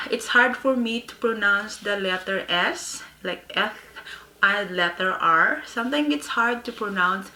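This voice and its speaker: A woman vlogger with a slight lisp from wearing aligners, reviewing a product in a casual sit-down video at home. She talks haltingly, with many pauses and fillers. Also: mid-range voice, bright, forceful tone, slight background noise. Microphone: phone camera. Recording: echoey room.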